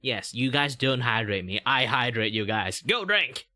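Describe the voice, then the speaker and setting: A man's voice: mid-range voice, very animated, a little slow, sharp tone, no echo, studio quality. A young man from Malaysia hosting a casual livestream chat, talking in a rambling, filler-heavy way, laughing often and playfully teasing his viewers. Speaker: livestream host.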